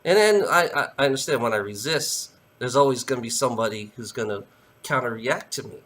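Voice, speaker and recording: A man's voice: mid-range voice, expressive, fairly quick, fairly bright tone. A man delivering a heated, profane ranting monologue to camera, repeating himself and tagging lines with "you know".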